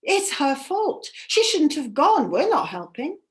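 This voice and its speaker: A woman's voice: high voice, sing-song, voice pushed up. Woman voicing scornful, scolding gods. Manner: quick, scolding and dismissive. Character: scornful gods, a disapproving crowd.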